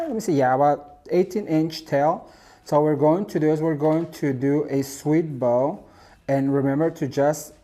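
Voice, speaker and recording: Mellow-voiced man gushing over a DIY craft. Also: a little high. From Mexico. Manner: chatty and gushing, calls viewers "you guys" and "honey". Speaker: home decor host. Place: at home at a craft table.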